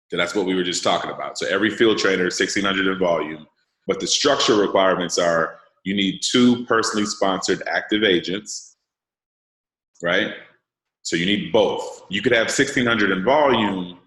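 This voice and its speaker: Over a video call with a roomy echo, a man with a low, fairly bright voice leads an online sales training, casually breaking things down step by step and checking that everyone follows along.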